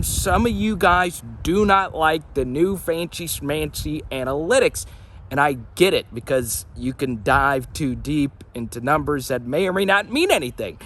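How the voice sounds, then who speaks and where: Male sports vlog host, excitable and jokey, lively pitch, slightly high. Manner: excitable, hype-driven, jokey. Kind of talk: energetic sports commentary vlog.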